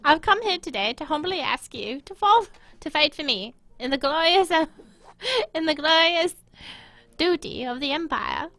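A woman's voice: sits high, expressive, moderate pace, fairly bright tone, dry recording. A woman putting on the voice of an aging female British queen giving a speech, giggling through it. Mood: regal. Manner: giggling through a mock royal address.

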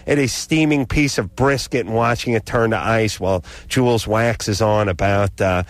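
A man's voice: lowish voice, normal speed, no room sound. A man co-hosting a talk radio show, telling a comic story in a sarcastic, ranting way. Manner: sarcastic, ranting, animated delivery. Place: radio studio.

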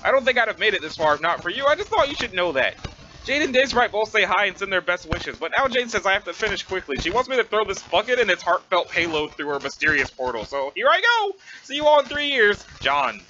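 A man's voice: high-pitched, sing-song, quick pace, bright, forceful tone, lo-fi sound, full character voice. A man voicing a cheerful, goofy teenage boy reading out his own friendly, upbeat letter.

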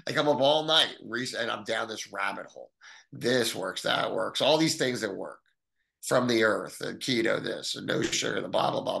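Middle-aged man, gravelly and bright, animated storyteller who voices the people in his tale. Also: moderate pace. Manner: animated, acts out quoted voices with big pitch jumps. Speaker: guest telling his story. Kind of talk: storytelling in an interview.

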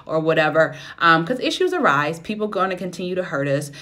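A woman's voice: lowish voice, very animated, brisk, sharp tone. A woman in her thirties hosting a live stream as a self-love coach, preaching, encouraging and greeting viewers by name. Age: 30s.

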